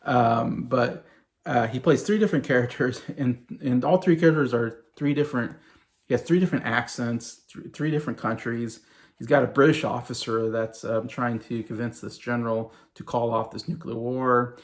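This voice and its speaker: A man's voice: mid-range voice, steady tone, normal speed. A man in his late thirties chatting casually in a rambling way, with many fillers and restarts, as a movie vlogger. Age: late 30s. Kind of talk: casual chat.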